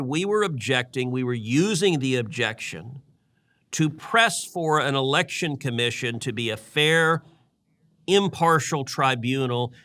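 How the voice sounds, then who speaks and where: A man's voice: mid-range voice, sharp tone. A man co-hosting a political podcast, telling a long story in an earnest way and often repeating words as he builds his point. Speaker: podcast co-host, senator. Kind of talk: casual political talk.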